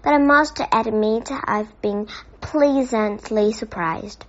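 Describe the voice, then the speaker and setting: A woman doing a gruff, cross old neighbour. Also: on the high side, slow pace. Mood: grudging. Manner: gruff, barking and suspicious. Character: cross, blustery older male neighbour. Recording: dull lo-fi recording.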